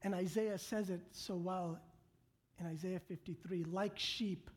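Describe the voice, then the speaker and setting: Slow, dramatic woman preaching a sermon. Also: on the low side, fairly even intonation, husky. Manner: dramatic swings between loud emphasis and hushed whispers; earnest, direct address to the congregation.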